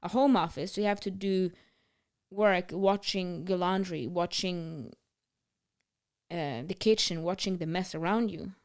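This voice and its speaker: Female podcast co-host with a smooth, resonant voice and a frank, advice-giving manner. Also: fairly low pitch, a little slow. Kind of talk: casual conversational podcast.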